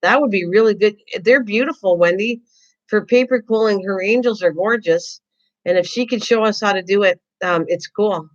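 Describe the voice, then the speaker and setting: Excitable, chatty woman craft streamer, mid-pitched, rambling, muffled lo-fi audio. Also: moderate pace. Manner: excitable, rambling, repeats words. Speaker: craft livestream host. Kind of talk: casual chat reading viewer comments. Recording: dull lo-fi livestream audio.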